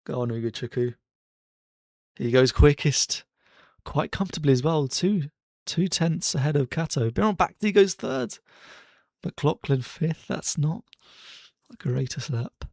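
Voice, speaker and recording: A man streaming casual live race commentary from his bedroom, chatty and excitable as he cheers drivers on. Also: on the high side, unhurried, no room sound, studio quality. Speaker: streamer hosting a racing watchalong. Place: bedroom at home.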